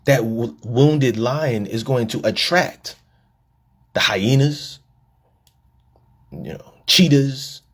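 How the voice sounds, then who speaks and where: Husky-voiced man preaching on a podcast. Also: mid-range voice, lively intonation, slow pace, long pauses. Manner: preachy storytelling, acts out quoted women, repeats words. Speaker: podcast host and life coach. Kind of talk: live-taped podcast monologue.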